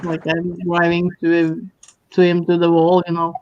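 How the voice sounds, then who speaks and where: A guest speaker in a relaxed chat, with a voice of middle pitch. They stumble and repeat words before getting a thought out. The recording sounds slightly dull. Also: a little hiss or hum. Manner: halting, repeats words, plain-spoken. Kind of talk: casual chat.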